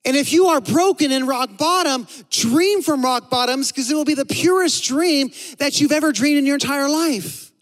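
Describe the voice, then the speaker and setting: A man preaching a sermon as a pastor, telling a story animatedly, dropping to a hush and then rising loud. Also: very high-pitched. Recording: long hall reverb.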